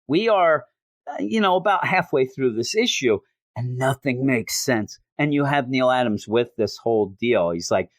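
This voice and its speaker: A man's voice: mid-range voice, lively intonation, normal speed, no echo. A man hosting a comic book show, casually recapping an issue with exasperated, joking disbelief. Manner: incredulous, exasperated, jokey.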